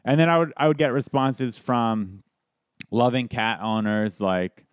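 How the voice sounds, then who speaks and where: A man's voice: medium pitch, measured pace, smooth, no room sound, clean studio sound. A man, a comedian, telling stories in a casual podcast chat, rambling with restarts and laughs. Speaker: guest comedian.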